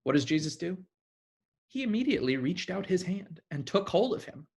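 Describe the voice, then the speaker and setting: Guy giving a sermon, kinda husky, chatty and animated, lots of restarts. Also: high-pitched, normal speed. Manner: conversational, restarts often, animated retelling. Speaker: preacher.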